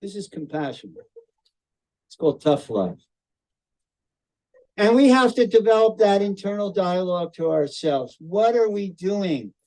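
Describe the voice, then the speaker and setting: An older man giving a devotional talk to a group over a video call, telling stories slowly and circling back on his phrases. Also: high-pitched, lively intonation, darkish tone, poor audio. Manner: slow, storytelling, repeats and restarts phrases. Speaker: spiritual teacher.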